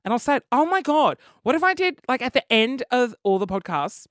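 A man's voice: very high-pitched, fairly quick, no room sound, studio quality. A young Australian man hosting a solo comedy podcast, rambling and making fun of himself. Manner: rambling, self-mocking, animated. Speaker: podcast host.

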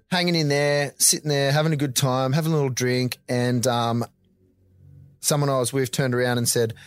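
A man's voice: medium pitch, dry recording. An Australian man telling a story as an interview guest in a casual, rambling way, laughing often and swearing freely.

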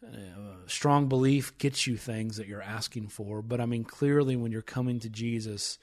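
Guy hosting a chill faith chat, mid-pitch voice, talks it through and restarts a lot, reads bible bits with real emphasis. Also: moderate pace, a little mellow. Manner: conversational, thinks aloud with restarts, reads scripture with rising emphasis. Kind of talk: casual faith discussion.

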